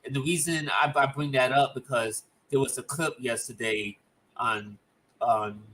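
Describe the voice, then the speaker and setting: A young man co-hosting a casual sports talk livestream, halting and stammering with many restarts. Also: medium pitch, steady tone, fairly bright tone, poor audio.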